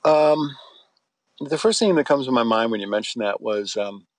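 A man's voice: medium pitch, moderate pace, no echo. Man, middle-aged, interview guest, rambling anecdotes, fillers and restarts, dry close sound. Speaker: interview guest, former soap actor. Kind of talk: casual interview storytelling.

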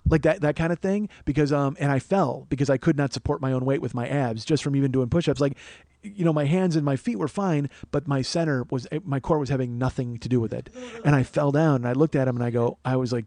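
A man talking very fast and loose, his stories rambling and full of swearing and self-mockery. The sound is close and dry with no room around it. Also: mid-range voice, a little mellow, no echo. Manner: rambling, profane, self-mocking. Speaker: podcast host. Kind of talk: casual comedic storytelling.

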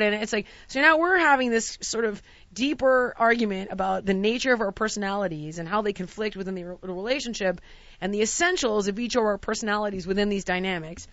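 A woman's voice: medium pitch, a little fast, a bit bright, dry recording, lo-fi sound. A woman telling a travel story in casual chat, acting out quotes and ranting with the odd swear word. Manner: dramatic, acts out quotes, rants with swearing.

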